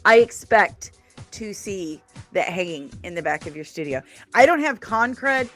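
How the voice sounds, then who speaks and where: A woman's voice: mid-range voice, sing-song, unhurried, a bit bright, soft background music. A woman hosting a livestream in a rambling, chatty way, tired after a long day of travel and laughing often. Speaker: livestream host. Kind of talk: casual chatty stream talk.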